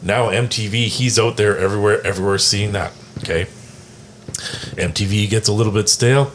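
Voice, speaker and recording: Deep-voiced guy rambling thru a story, lots of ums, light hiss behind. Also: fairly quick. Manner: rambling storyteller with many fillers. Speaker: podcast co-host. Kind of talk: casual roundtable chat.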